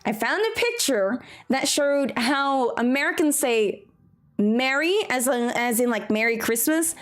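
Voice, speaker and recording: A woman's voice: sits high, expressive, a little slow, faint music behind. A young Australian woman streaming a farming game, chatting casually with a giggly, rambling manner. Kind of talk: casual chat while gaming.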